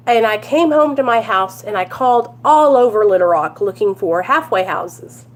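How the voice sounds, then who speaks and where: A woman chatting at home to her viewers, telling a story and calling them you guys and y'all. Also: fairly high pitch. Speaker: recovery vlogger.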